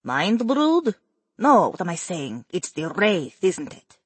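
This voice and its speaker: A man's voice: high-pitched, wildly swooping pitch, slow pace, breathy edge, no room sound, pitched above the performer's own voice, full character voice. A man voicing a flustered female witch who talks in a startled, fretful way.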